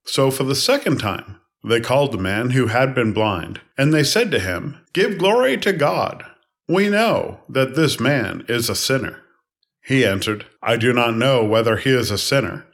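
A man reading scripture aloud in a measured way, pausing at each phrase. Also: medium pitch, animated, fairly bright tone. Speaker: scripture reader.

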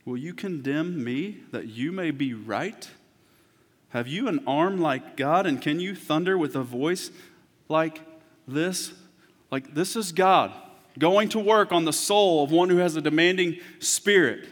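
A man preaching a sermon as pastor, moving from hushed, intimate talk to loud, impassioned preaching. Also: on the high side, unhurried. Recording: long hall reverb.

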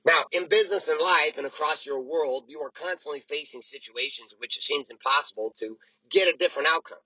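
A man in his early forties hosting a motivational podcast, telling a story in a blunt, profane, animated way. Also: a little high, a little fast, breathy edge, no room sound, dull audio. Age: 40s. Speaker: podcast host. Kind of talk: motivational monologue.

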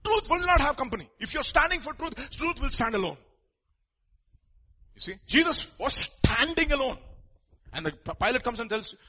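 Male preacher, bright and breathy tone, emphatic sermon style with rhetorical asides. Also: very high voice, big pitch swings, a little fast. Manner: joking with the congregation.

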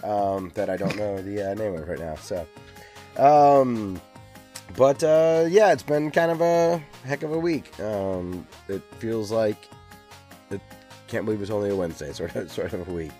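A man's voice: on the low side, a little slow, dark tone, faint music behind. A man hosting a video game podcast in casual chat, rambling with lots of ums and uhs. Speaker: podcast host.

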